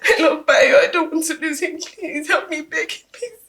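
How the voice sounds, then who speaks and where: A tearful remorseful young fiancée. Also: female voice, very high-pitched, normal speed, a bit bright. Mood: sobbing. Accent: Nigerian. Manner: pleading, sobbing, repeating herself. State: crying. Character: young woman, tearful, remorseful after slapping her fiancé. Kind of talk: film drama acting.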